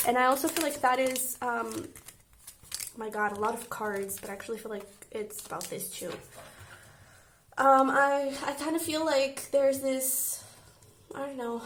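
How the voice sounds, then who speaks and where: A woman's voice: sits high, unhurried, long pauses, fairly bright tone, slight background noise. Chatty, emotional woman tarot reader. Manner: chatty and emotional, frequent "I feel like" and "okay?". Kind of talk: casual tarot reading to camera.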